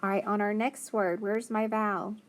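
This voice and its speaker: A woman's voice: mid-range voice, little pitch movement, moderate pace. A woman teaching a phonics spelling lesson, patiently sounding out letters and praising answers.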